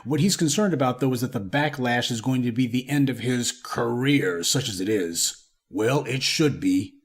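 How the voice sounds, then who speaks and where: A man's voice: medium pitch, normal speed. A man delivering a scripted commentary monologue in an indignant, lecturing manner. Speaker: online commentator.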